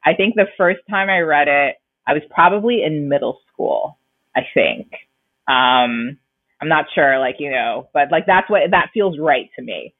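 A woman's voice: deep voice, lively intonation, a little slow, dry recording. A woman co-hosting a podcast, chatting casually and rambling as she corrects herself. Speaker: podcast co-host. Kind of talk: casual chat. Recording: tinny, dry phone-like line.

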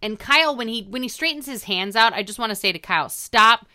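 A woman's voice: on the high side, expressive, fast talker, sharp tone. A woman co-hosting a casual chat about a comedy show, frank and chatty with lots of fillers. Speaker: podcast co-host.

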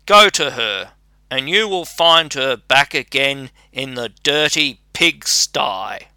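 Storybook flounder, read by a man, stern and curt, crisp bright voice. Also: medium pitch, animated, takes it slowly, no echo, full character voice. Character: stern magic flounder, male.

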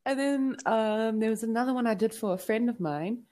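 A young woman with a deeper voice, chatting casually and teasing her co-host. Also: a little fast, darkish tone. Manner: playful, teasing, does put-on announcer voices. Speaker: podcast co-host. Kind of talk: casual chat.

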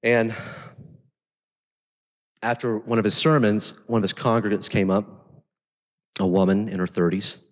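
Deep-voiced pastor preaching in a reverberant hall. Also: male voice, steady tone, measured pace, pauses often. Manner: conversational, swings from intense emphasis to quiet storytelling. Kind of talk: sermon.

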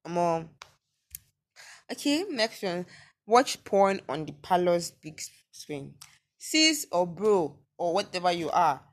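A woman's voice: lowish voice, slow pace. A young woman with a Nigerian accent hosting a casual solo podcast, reading listener messages and reacting with disbelief and laughter. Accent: Nigerian, Yoruba-inflected. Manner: animated, incredulous reactions with frequent laughter and exclamations. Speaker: podcast host.

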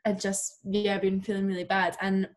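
A woman's voice: mid-range voice, level tone, normal speed. A young woman, telling a story in casual podcast chat, gushing and filler-heavy. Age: young adult. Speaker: podcast co-host. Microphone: remote video call.

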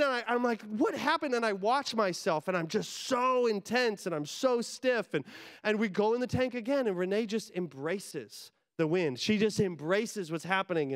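A man preaching a sermon as a pastor, telling a story with animated energy that climbs into excited shouts. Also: sits high.

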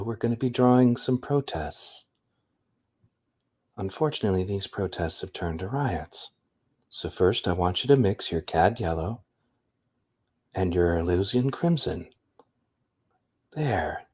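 A man putting on the voice of a gentle, soft-spoken male TV painting instructor, hushed and slow. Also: sits low, breathy edge, full character voice.

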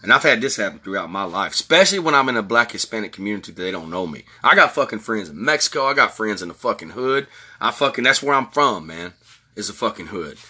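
A man in his forties with a drawl holds forth in a heated, blunt monologue, cussing freely. His voice is bright and forward, with a husky edge. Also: on the low side, animated, fast talker. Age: 40s. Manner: blunt, profane storytelling. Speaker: podcast host.

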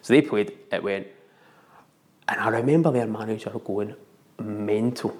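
A middle-aged man with a Scottish accent telling a story in casual chat, animated and laughing often. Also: on the low side, a little slow.

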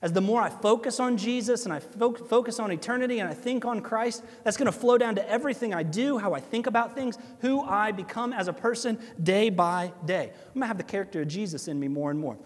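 A man with an Ohio accent, preaching a sermon as pastor, animated and conversational with asides to listeners. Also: high voice, fairly quick, hardly any pauses. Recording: long hall reverb.

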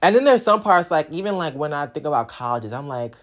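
A young man speaks fairly quickly with big pitch swings as he tells his story in a casual, sassy monologue. He swears freely and alternates between loud outbursts and low mutters.

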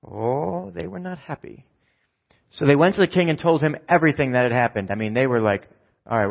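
A man's voice: medium pitch, vocal fry. A man preaching a sermon in a conversational way, often checking in with his listeners. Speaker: pastor. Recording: dull lo-fi sound with long hall reverb.

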